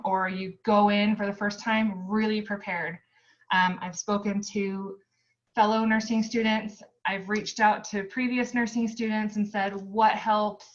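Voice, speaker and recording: A woman's voice: mid-range voice, muffled recording. A young American woman giving a casual recorded lecture as a nursing student tutor, chatty and upbeat with lots of ums.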